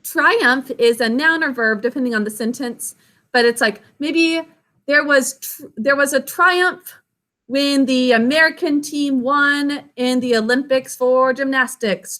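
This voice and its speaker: High, bright-voiced encouraging teacher. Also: female voice, unhurried. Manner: encouraging, praises pupils often; clear, careful sounding-out of words. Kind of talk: spelling and phonics lesson.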